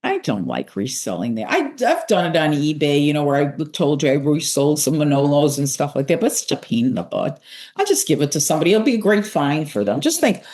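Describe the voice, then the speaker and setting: A woman's voice: sits low, big pitch swings, fairly quick, darkish tone. An older woman co-hosting a casual fashion chat, talking in a rambling, playful way. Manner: chatty, rambling, playful repetitions. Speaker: co-host, senior style icon.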